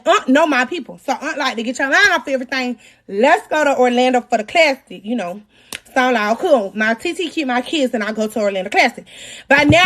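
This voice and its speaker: A woman telling an animated, profane personal story in a storytime vlog, breaking into dramatic shouts. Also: high voice.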